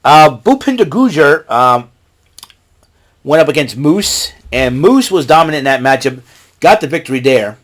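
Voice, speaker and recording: A man's voice: on the high side, expressive, moderate pace. A man hosting a casual show, recapping events in a rambling way and jumping into raised voices when he quotes people. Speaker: podcast host recapping wrestling.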